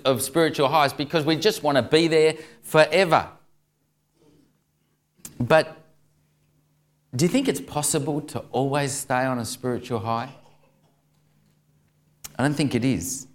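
A man preaching a sermon, telling jokes and stories and chuckling at the punchlines. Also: mid-range voice. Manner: jokey storyteller, chuckles through punchlines.

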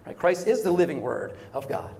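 A man preaches in a loose, conversational way, tossing in "right?" and restarting his phrases. His voice sits notably high for a man. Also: sing-song, normal speed, creaky, darkish tone, slight background noise. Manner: conversational, frequent "right?" and repeated words. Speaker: pastor. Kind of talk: sermon.

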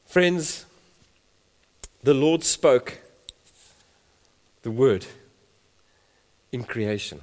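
A man's voice: medium pitch, animated, drawn-out words, long pauses, darkish tone. A man preaching a sermon, reading scripture emphatically and building in volume. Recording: long hall reverb.

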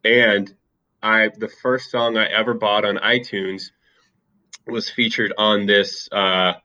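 A man with a low but bright, forceful voice talks about an old movie in a relaxed way, with plenty of fillers. The recording sounds a bit dull and lo-fi. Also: takes it slowly. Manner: relaxed and talkative, with many fillers. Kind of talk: casual chat.

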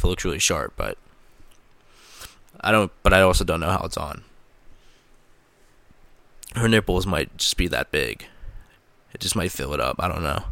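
A man's voice: sits low, a bit bright, no echo. A young man hosting a casual solo podcast, rambling with crude, sarcastic remarks and many filler words. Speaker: podcast host.

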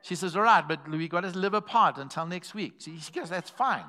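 A man's voice: high-pitched, fairly quick. A man preaching a sermon in a church, telling stories and calling out to the congregation. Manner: animated, calls to the congregation, acts out quoted voices. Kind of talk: sermon with storytelling.

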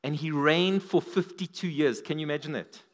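A man preaching a sermon at a church service, animated, his voice swinging up and down for emphasis. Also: normal speed. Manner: animated, rises and drops in pitch and volume for emphasis.

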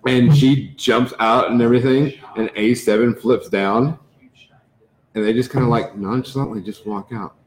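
A man narrating a tabletop game as game master, in a slow, descriptive, dramatic manner. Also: medium pitch, fairly even intonation, echoey room, low-quality recording.

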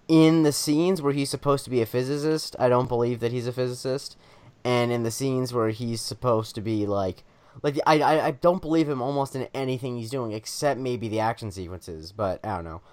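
A man's voice: mid-range voice, clean tone. Man, co-host, casual discussion, opinionated, emphatic, stumbling restarts.

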